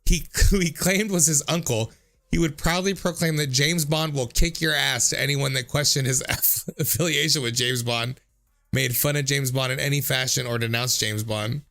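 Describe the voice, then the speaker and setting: A man's voice: medium pitch, moderate pace, vocal fry, bright, forceful tone. A man in his thirties, a streamer reading out viewer comments in a casual, jokey way, swearing freely and often laughing.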